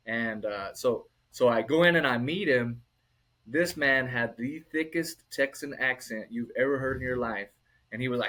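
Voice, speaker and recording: A man's voice: mid-range voice, normal speed, low-quality recording. A middle-aged man, a restaurant owner, telling stories in a casual interview and acting out the people he quotes. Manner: animated, acts out quoted people.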